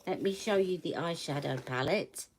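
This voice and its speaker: Chatty woman, lowish voice. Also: moderate pace, slight background noise. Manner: chatty, checks in with viewers often. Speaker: beauty livestream host. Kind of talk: casual live product review. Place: at home.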